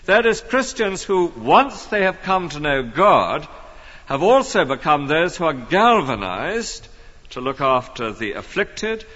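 A man's voice: a little high, a bit bright, in a large hall, lo-fi sound. A man preaching an expository sermon in an earnest, emphatic way. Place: church.

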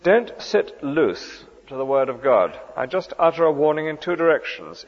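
A man preaching a sermon in an earnest, emphatic way, asking the listeners questions. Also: medium pitch. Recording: dull sound with long hall reverb.

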